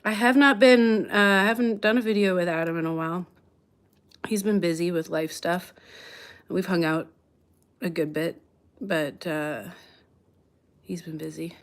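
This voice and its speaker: A woman's voice: lowish voice, normal speed, pauses often. A young woman from the west coast of Canada chatting casually on a live stream, rambling with many restarts and replies to chat. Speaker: livestreamer.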